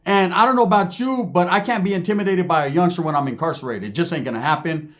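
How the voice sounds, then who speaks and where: A man's voice: sits high, fairly bright tone. A man telling prison stories in casual, profane slang, dropping in Spanish words and acting out other people's lines. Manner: acts out other people's lines in quick voices. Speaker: storyteller recounting prison life. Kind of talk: casual storytelling.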